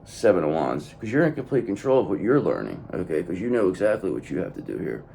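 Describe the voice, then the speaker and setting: Low gravelly guy doing a tarot reading, swears a lot, pitch jumps all over, repeats himself for emphasis. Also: very animated, fast talker, dark tone, slight background noise. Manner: blunt and profane, repeating phrases for emphasis. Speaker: tarot reader.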